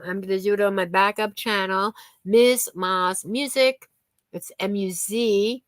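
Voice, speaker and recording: A woman's voice: fairly high pitch, sharp tone, dry recording. A chatty woman on a live stream talks casually with her viewers. She giggles often and thanks people by name. Her voice sounds dry and close, with little room around it.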